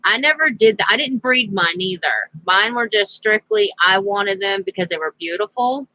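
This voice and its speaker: A woman's voice: medium pitch, lively intonation, moderate pace, bright, forceful tone, no echo, rough recording. A woman vlogger telling a rambling personal story in a casual, chatty way, laughing now and then. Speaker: crafting vlogger.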